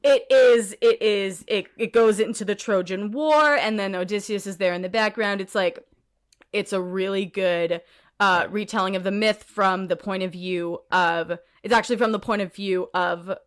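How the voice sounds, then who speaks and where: A woman co-hosting a podcast in casual chat, animated and ranty, swearing and laughing often. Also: medium pitch, normal speed. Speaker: podcast co-host.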